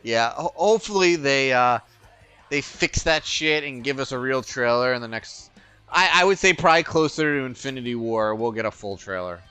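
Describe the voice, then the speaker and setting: A man's voice: mid-range voice, animated, normal speed, pushed and bright, clean tone, no room sound, soft background music. A man co-hosting a casual podcast, blunt and emphatic in his opinions. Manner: blunt, emphatic, ranting about a trailer. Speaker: podcast co-host. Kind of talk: casual chat.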